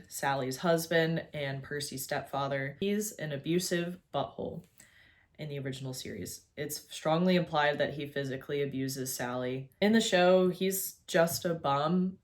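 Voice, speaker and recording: A young woman in a casual, opinionated video essay, chatty and full of "like"s, talking to a camera at home. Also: low voice. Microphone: facing a camera.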